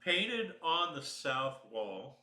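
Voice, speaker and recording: A man with a bright, forceful voice narrates a tabletop dungeon as its game master. He talks slowly, pausing and filling gaps with "uh," and the room around him sounds echoey. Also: a little high, very animated. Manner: slow, halting narration with fillers.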